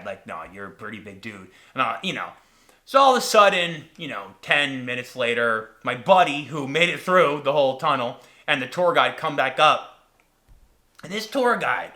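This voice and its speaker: A young man hosting a podcast with a bright, forceful voice. He tells the story casually, with a lively pitch that swoops up and down as he acts out each moment with dramatic energy. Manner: animated, dramatic reenactments. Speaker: podcast host.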